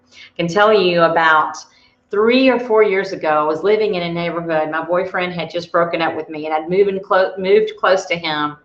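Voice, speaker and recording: A woman leading a motivational workshop, telling personal stories in a chatty way with frequent restarts. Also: lowish voice. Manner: chatty, storytelling, restarts often. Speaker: workshop leader. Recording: roomy, dull audio.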